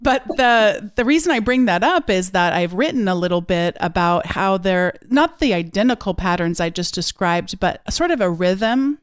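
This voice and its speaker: A woman's voice: mid-range voice, animated, moderate pace, few pauses, smooth, no room sound, clean studio sound. A woman hosting a podcast, speaking reflectively and laughing lightly through her points. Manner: reflective, laughs between words. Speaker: podcast host. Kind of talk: interview conversation.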